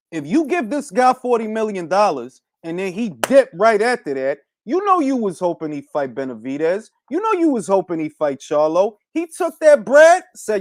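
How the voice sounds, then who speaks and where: Animated, profane ranting man. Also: sits high, dry recording, studio quality. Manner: animated, profane, rambling with street slang; switches into Spanish phrases. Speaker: podcast host. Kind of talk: casual rant.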